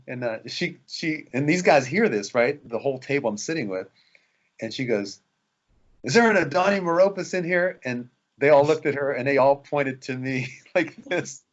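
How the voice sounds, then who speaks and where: A man's voice: mid-range voice, moderate pace, highs cut off. A male actor in a casual interview, telling behind-the-scenes stories animatedly, acting out quotes and laughing often.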